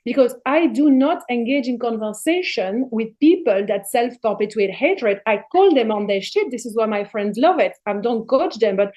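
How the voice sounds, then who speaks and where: A middle-aged woman sits in as a podcast guest, her voice sitting a touch high. She talks in a casual, spiritual way and presses hard on her points, swearing freely as she goes. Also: animated, moderate pace, hardly any pauses, dark tone. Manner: emphatic, passionate, swears freely.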